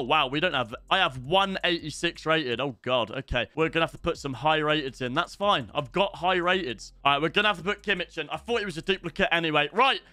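Young British male streamer, excitable banter; bright, crisp voice. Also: fairly high pitch, no room sound. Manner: excitable banter, bursts of shouting at goals. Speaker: gaming streamer. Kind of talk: live gaming commentary.

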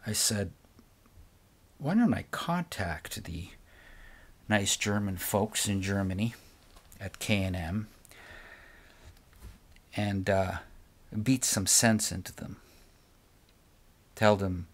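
A middle-aged man with a fairly low voice rants to camera about his craft. He speaks slowly and deliberately, leaning on repeated words for emphasis with fervent conviction. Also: a bit bright. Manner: impassioned, ranting, emphatic repetition. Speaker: guitar maker selling stands. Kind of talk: unscripted monologue to camera.

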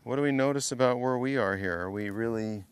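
A man's voice: mid-range voice, brisk, clean tone, no echo. A man coaching a student through a golf lesson, playful and teasing, repeating short drill cues over and over. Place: golf academy practice area.

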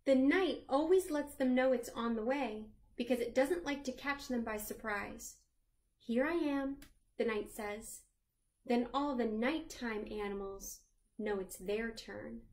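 A woman librarian reading a picture book aloud to children, gently asking them questions along the way. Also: a little high, unhurried. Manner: sings the chorus lines in a lilting voice.

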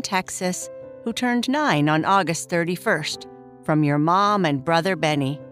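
Bedtime story host, female, slow and gentle delivery, slightly low voice, faint music underneath. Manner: slow, soft and soothing, reading names warmly.

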